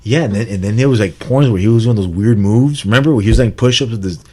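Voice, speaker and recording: A man's voice: fairly low pitch, fast, warm tone, a little hiss or hum. A man co-hosting a casual podcast with his girlfriend, rambling, swearing and joking. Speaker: podcast co-host. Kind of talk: casual banter.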